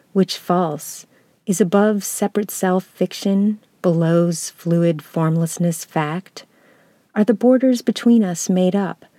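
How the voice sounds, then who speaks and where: A woman from the United States, a lecturer, reading a reflective essay aloud in a slow, measured, contemplative way. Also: on the low side, dark tone, no room sound.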